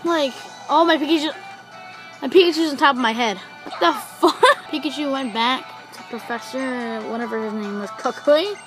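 A young woman giving let's-play commentary, excitable, gasping, swearing and shouting at the game. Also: high-pitched, moderate pace, faint music behind, low-quality recording. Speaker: gaming YouTuber.

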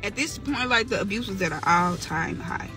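A woman's voice: medium pitch, moderate pace, over music. A young woman from Mississippi telling a personal story in a candid, slangy, casual storytime, acting out the dialogue. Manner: candid, slangy, animated retelling with quoted dialogue.

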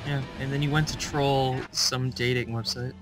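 A man's voice: mid-range voice, steady tone, moderate pace, a bit bright, faint music behind. A man co-hosting a let's play, trading sarcastic, argumentative banter. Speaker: co-host.

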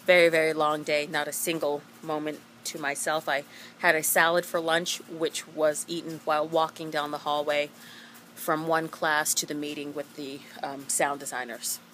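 Woman theatre teacher, casual diary vlog, rambling and chatty, lowish bright voice. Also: little pitch movement, normal speed, slight background noise. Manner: chatty, rambling, laughs often. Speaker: high school theatre teacher.

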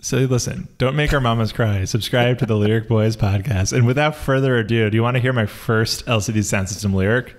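A man's voice: medium pitch, brisk, few pauses. Laid-back young man podcast co-host. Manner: laughs often, breaks into mocking quoted voices. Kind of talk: casual comedic chat.

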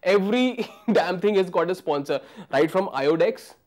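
A man's voice: sits high, expressive, moderate pace, a little mellow. A man with an Indian English accent, hosting a comic film review and joking as he switches between English and Hindi. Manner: jokey, mixes English and Hindi, acts out characters. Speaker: comedian film reviewer, show host.

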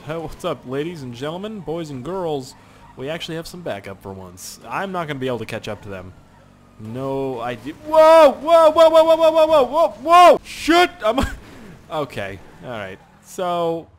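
Excitable young man yelling through gameplay. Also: mid-range voice. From Canada. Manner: excitable, swearing, laughing, yelling at the game. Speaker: gaming YouTuber. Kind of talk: casual gameplay commentary.

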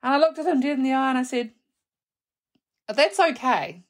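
A young adult woman, hosting her own podcast and telling a personal story in a chatty, animated way, laughing and swearing casually. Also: sits high, rapid-fire. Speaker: podcast host.

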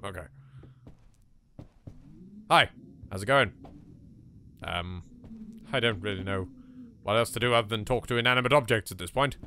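A man's voice: lowish voice, normal speed, pauses often, bright, forceful tone, a little hiss or hum. An Englishman hosting a let's play, chatting casually and joking as he talks to objects in the game and swears now and then. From England. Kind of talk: casual gameplay commentary.

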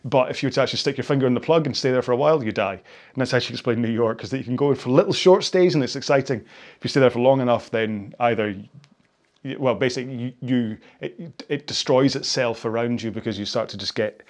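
A man's voice: mid-range voice, quick pace. A man leading a rowing workout cool-down, chatting in a rambling, self-deprecating way and often apologizing as he gives stretching cues. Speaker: indoor rowing instructor. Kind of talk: casual workout cool-down chat.

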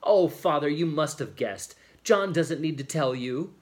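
A man's voice: medium pitch, sing-song, a little slow. A man reading aloud, voicing an eager, proud young woman who gushes and pleads breathlessly. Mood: impetuous.

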